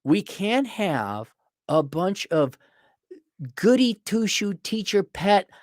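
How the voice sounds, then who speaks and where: A man's voice: high-pitched, sing-song, takes it slowly, a little mellow, no room sound, clean studio sound. A middle-aged man delivering a sarcastic, ranting opinion monologue as a podcast host. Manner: sarcastic, ranting, mocking voices.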